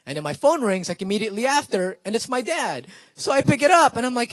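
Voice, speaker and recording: A young man telling a comic story to an audience, animated and chatty, often checking in with "right?". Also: very high-pitched, quick pace, no echo. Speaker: spoken word performer.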